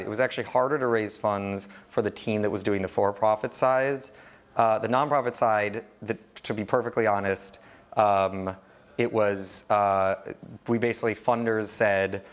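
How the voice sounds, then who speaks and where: Candid low-voiced man talking business. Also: moderate pace. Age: 30s. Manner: rambling, many restarts, candid. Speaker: guest speaker, entrepreneur. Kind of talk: informal talk and Q&A.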